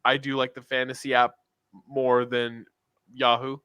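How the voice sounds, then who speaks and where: Brief: casual male sports co-host, rambling, medium pitch, dry sound. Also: monotone, measured pace, bright, forceful tone, clear, resonant tone, dry recording. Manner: rambling, restarts his sentences often. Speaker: podcast co-host.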